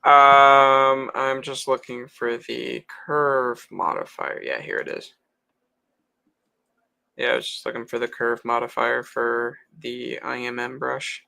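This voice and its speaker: A man chatting casually and slowly on a livestream while sculpting, with many fillers. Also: mid-range voice, gravelly. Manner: slow, relaxed, with frequent fillers.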